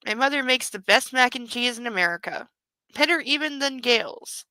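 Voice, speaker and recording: A woman reading a novel aloud with sarcastic, irreverent commentary, sometimes dropping to a hush. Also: a little high, moderate pace, dry recording, poor audio. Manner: wry and irreverent, drops to a hushed whisper for some narration. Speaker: book club podcast host.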